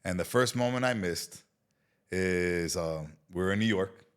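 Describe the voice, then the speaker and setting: Deep-voiced, lively man telling a story. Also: measured pace, smooth. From Israel. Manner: animated, swearing storyteller who acts out quotes. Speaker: guest. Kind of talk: casual storytelling interview.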